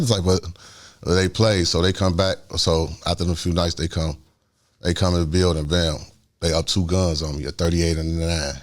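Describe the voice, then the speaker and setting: A man with a Chicago accent telling his life story in a casual, animated way, acting out what people said. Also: deep voice, normal speed. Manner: animated street storytelling, acts out quotes loudly.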